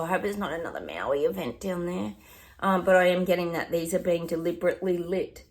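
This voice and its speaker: An Australian woman, middle-aged, chatting through psychic predictions in a rambling way with lots of ums and asides. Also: lowish voice. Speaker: psychic medium. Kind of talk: casual livestream predictions.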